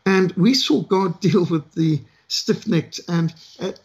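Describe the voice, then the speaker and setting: A middle-aged South African man telling a story from his past, unhurried and pausing often with "uh". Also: sits high, a little mellow, breathy edge, muffled recording. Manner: unhurried with frequent "uh" pauses. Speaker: ministry speaker. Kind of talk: storytelling testimony.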